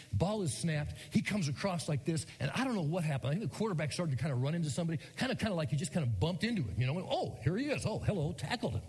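A man's voice: fairly high pitch, husky, long reverb tail. A middle-aged man preaching a sermon, telling a story and acting out the people in it. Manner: animated storytelling, acts out quotes. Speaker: pastor.

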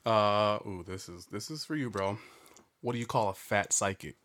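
A man's voice: lowish voice, moderate pace, a bit bright. A man co-hosting a podcast, telling jokes in a loose, laughing, casual chat. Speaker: podcast co-host.

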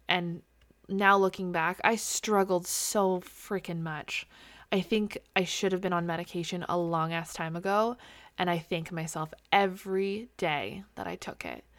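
A woman's voice: fairly low pitch, fairly bright tone, dry recording. A woman in her thirties hosting a solo podcast, talking candidly and openly, with casual swearing. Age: 30s. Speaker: podcast host. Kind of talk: solo personal podcast talk.

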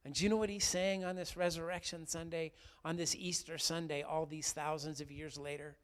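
A man preaching an Easter sermon, swinging between loud, fervent emphasis and quiet, hushed passages. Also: fairly high pitch, flat delivery, a little fast. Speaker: pastor.

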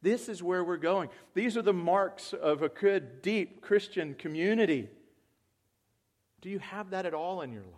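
A man preaching a sermon, moving from quiet, reflective talk to loud, excited calls to the congregation. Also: high-pitched, a little slow. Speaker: pastor.

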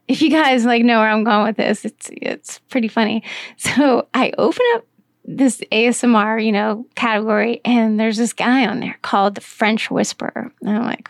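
A woman's voice: a little high, normal speed, no room sound, studio quality. A middle-aged woman hosting a podcast, telling a personal story and explaining in a chatty, casual way with plenty of fillers. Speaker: podcast host.

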